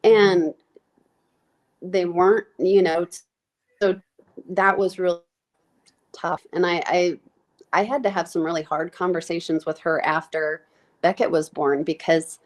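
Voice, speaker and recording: A woman guest recounting her life in a podcast interview, her voice on the lower side. She speaks haltingly and with feeling, full of fillers and restarts, sounding close to tears. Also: steady tone. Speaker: nurse practitioner guest. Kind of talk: candid personal interview.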